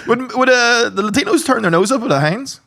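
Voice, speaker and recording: Lively joking Irish guy. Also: very high-pitched, a little fast, creaky. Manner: jokey banter, swears freely, slips into mock voices. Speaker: podcast co-host. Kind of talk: casual comedic chat.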